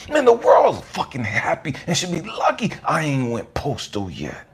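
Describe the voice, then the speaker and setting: A man giving an impassioned, profane motivational monologue, swinging between hushed whispers and raised outbursts. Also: on the high side, wildly swooping pitch, normal speed, husky. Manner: profane, blunt street talk. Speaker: motivational speaker.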